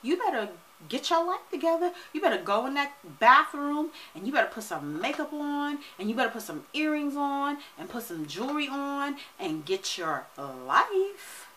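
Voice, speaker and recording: Give me a woman doing a sassy, high-voiced spirit scolding in a bossy way. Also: sing-song, moderate pace, hardly any pauses, sharp tone, exaggerated voice, rough recording. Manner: sassy, commanding.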